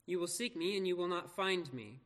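Man pastor reading scripture then preaching, slow earnest pauses, kinda high voice, long hall echo. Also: expressive, a bit bright. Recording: long reverb of a large hall.

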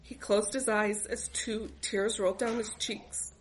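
A woman's voice: medium pitch, little pitch movement, a little slow, a little hiss or hum, poor audio. A woman reading aloud from her own memoir as a mother, in an earnest, reflective voice. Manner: earnest, reflective, faith-filled.

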